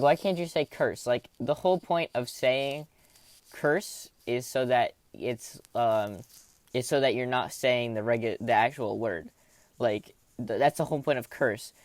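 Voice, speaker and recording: A young man rambles through online posts in a casual, self-mocking way, laughing at his own slips. His voice sits at an ordinary middle pitch and is recorded close up in a dry, dead room. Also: no room sound. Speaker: YouTuber reading Reddit posts. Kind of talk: casual commentary on reading posts.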